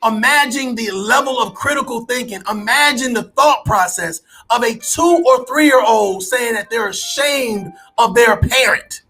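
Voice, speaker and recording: A man who is a parent, ranting as an online commentator to his audience, profane and incredulous, with bursts of shouting. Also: extremely high pitch, unhurried, few pauses, husky. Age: adult parent. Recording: faint background music.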